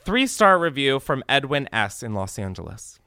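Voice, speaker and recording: A young man hosting a comedy podcast, reading reviews aloud with sarcastic, swearing commentary. His pitch leaps around constantly, and his tone is bright and sharp. The sound is dry and close. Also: moderate pace, clear, resonant tone, no echo. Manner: animated, sarcastic, swearing, laughing often. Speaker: podcast host.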